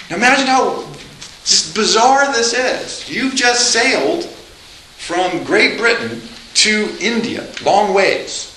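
A man lecturing a college class live, lively and joking, with asides and frequent restarts. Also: high-pitched, slow pace, slight background noise. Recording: echoey lecture room.

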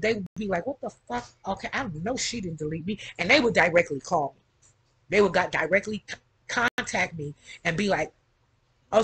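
A middle-aged woman talks straight to her camera from her kitchen in a loose, rambling vlog. Her voice is deeply husky and raspy, sitting at an ordinary middle pitch. She keeps tagging her thoughts with a questioning "okay?". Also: a bit bright, rough recording. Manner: rambling, tags nearly every phrase with "okay?". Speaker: vlogger. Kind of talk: casual chat to camera.

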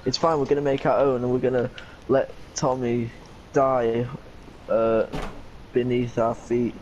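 A man's voice: mid-range voice, little pitch movement, measured pace, a little mellow, lo-fi sound, a little hiss or hum. A young man, teasing and plotting with friends during a game. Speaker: gamer. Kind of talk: casual gaming banter.

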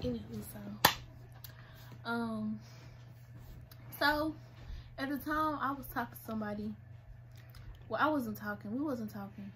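A young woman co-hosting a casual storytime, animated, laughing often and acting out other people's lines. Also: fairly high pitch, a little slow, pauses often, background noise. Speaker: co-host telling a couple's story.

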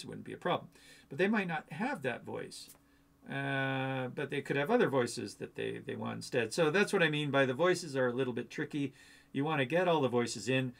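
Man, gravelly voice, casual tutorial host, chatty, rambling, thinks aloud. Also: mid-range voice. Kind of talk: casual screen-share coding walkthrough.

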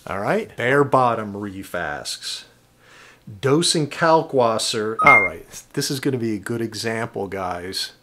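A man's voice: on the low side, animated, takes it slowly, bright, forceful tone, slight background noise. A man from New Jersey hosting a reef tank hobby video, chatting casually to his viewers and answering their questions from his indoor tank studio. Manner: chatty, talks straight to viewers as "guys".

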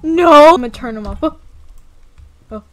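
Young female gaming creator, casual play-along commentary; excitable and playful, slightly high-pitched. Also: moderate pace. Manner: excitable, playful, gasps and mock panic.

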